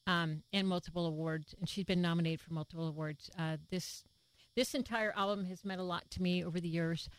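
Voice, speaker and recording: Low-voiced woman hosting a radio show. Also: brisk, no echo, poor audio. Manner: relaxed, rambling, with many fillers. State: slightly out of breath. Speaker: radio host. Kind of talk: casual radio chat.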